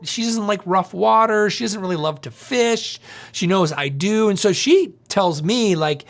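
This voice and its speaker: Brief: male pastor, high-pitched voice, lively storytelling sermon with chatty asides to the audience. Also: moderate pace. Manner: animated, conversational, asks the audience questions.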